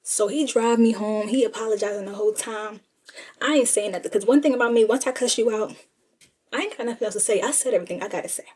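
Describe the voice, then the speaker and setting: Husky-voiced young woman telling a sassy story. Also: on the high side, quick pace. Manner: sassy, animated, addresses listeners as y'all. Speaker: storyteller vlogger. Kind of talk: casual storytime.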